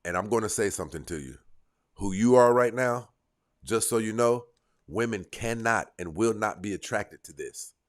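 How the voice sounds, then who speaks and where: A dating coach with a fairly low voice speaks at a moderate pace directly to the camera, lecturing his viewers on dating in a blunt, emphatic way.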